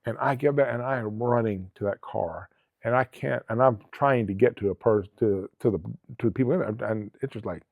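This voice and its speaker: A man's voice: medium pitch, fairly quick, dry recording. A middle-aged man from Alabama, a former police officer, telling stories in a casual interview, earnest and rambling with frequent restarts. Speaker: guest, former police officer and travel agency owner. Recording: dry, tinny phone-like sound.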